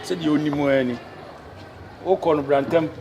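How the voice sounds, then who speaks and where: A man doing a loud, bantering street comedy skit outdoors. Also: a little high, brisk, creaky. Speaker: comedy sketch performer. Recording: noisy outdoor street recording.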